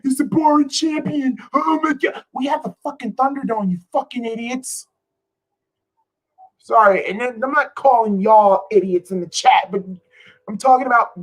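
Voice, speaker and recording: On a poor-quality recording, a woman's slightly high voice comes through as she rants on her wrestling livestream. Exasperated and cursing, she hammers her points to chat by repeating them.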